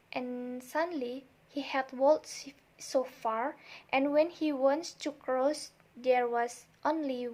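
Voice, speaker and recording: A young female student retells a folk tale for a literature test, halting often, restarting and repeating words. Her voice is high and a little mellow.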